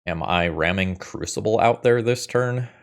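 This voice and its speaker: Low male voice, casual gameplay commentator, wry and muttering, thinks out loud. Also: moderate pace. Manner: wry, thinks aloud, swears when frustrated. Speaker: gaming video host.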